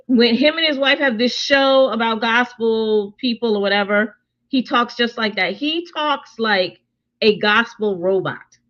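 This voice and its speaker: A woman's voice: a little high, a little slow, a bit bright, highs cut off. A woman co-hosting a casual TV review chat, emphatic and opinionated, asking rhetorical questions. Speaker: co-host reviewing a TV show.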